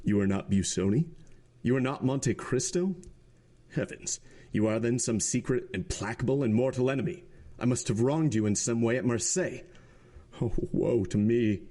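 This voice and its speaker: A man's voice: medium pitch, moderate pace, dark tone, lightly acted. A man voicing a grief-stricken, frantic middle-aged magistrate in a storybook reading, with anguished, pleading outbursts. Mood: desperate.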